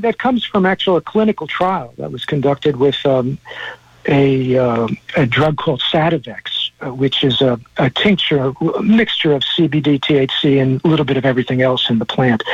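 A man's voice: mid-range voice, normal speed, slightly rough, no room sound, lo-fi sound. A man speaking as an interview guest, explaining in a hesitant way with many fillers and restarts over a remote line. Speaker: guest, cannabis news editor.

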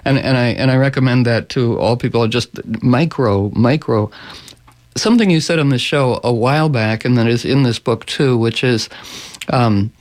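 A man hosting a radio talk show, telling rambling, animated stories in casual chat. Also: mid-range voice, fairly quick, dry recording. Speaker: radio host.

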